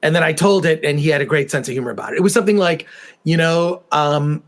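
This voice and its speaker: Relaxed man chatting as interviewer. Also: fairly high pitch, fast talker. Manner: relaxed, conversational, shares own anecdotes. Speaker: interviewer, documentary maker. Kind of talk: casual interview chat.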